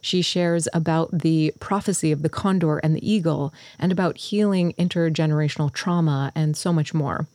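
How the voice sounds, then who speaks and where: A woman's voice: deep voice, steady tone, normal speed, hardly any pauses, a little mellow, dry recording, studio quality. A woman hosting a podcast in her early morning voice, earnest and thoughtful as she talks through her thinking. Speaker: podcast host. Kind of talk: solo podcast introduction.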